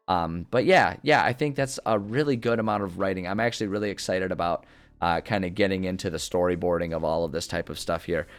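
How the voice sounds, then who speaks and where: Low-voiced man musing over faint music. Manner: rambling, thinking aloud with many fillers and restarts. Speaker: streamer. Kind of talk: casual livestream chat about story planning.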